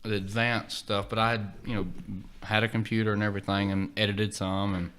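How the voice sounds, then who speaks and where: A man, a podcast guest, chatting casually and telling animated stories. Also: on the low side, brisk, clean tone. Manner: animated storytelling, acts out quotes. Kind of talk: casual chat.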